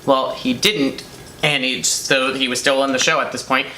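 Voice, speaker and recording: A young man co-hosting a casual chat and telling a self-mocking story with animated energy. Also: mid-range voice, normal speed. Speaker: co-host. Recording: echoey room, faint noise.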